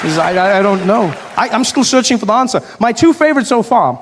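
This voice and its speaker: A man's voice: sits high, expressive, fast talker, big-room sound, very noisy. A man doing stand-up comedy, telling stories conversationally with stammering restarts.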